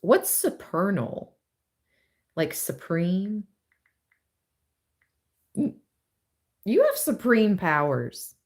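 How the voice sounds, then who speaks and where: A woman hosting a relaxed tarot reading on a live stream. She talks at an unhurried, slow pace and draws out her phrases. She chats and thinks aloud as she goes. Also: medium pitch. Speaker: tarot reader.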